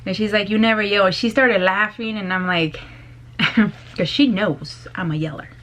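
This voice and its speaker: Loud, bubbly woman vlogger. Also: mid-range voice, moderate pace. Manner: loud, bubbly, laughs often. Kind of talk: casual chat to camera. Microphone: compact camera.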